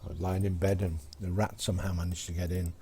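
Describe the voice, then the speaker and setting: A man's voice: deep voice, flat delivery, fast, creaky. A man chatting casually on a live game stream, telling jokes in a rambling, hesitant way with many fillers.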